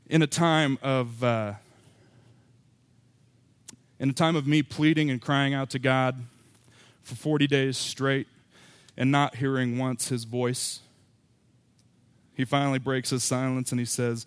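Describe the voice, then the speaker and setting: A man's voice: mid-range voice, fairly even intonation, slow, pauses often, clean tone, no echo. A man preaching a sermon as pastor, candid and self-deprecating, with emphatic rising bursts.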